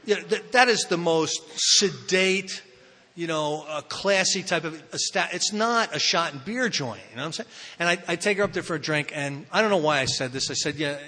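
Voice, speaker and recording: A man's voice: on the high side, normal speed, bright, forceful tone. A man telling his recovery story to a live audience in a rambling, self-mocking way, full of fillers and restarts. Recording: reverberant hall.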